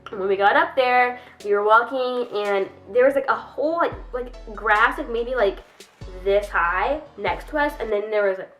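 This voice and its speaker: A woman's voice: a little high, moderate pace, a bit bright, soft background music. Rambling young woman telling a storytime. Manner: rambling, heavy use of "like". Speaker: YouTuber. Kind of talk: casual storytime.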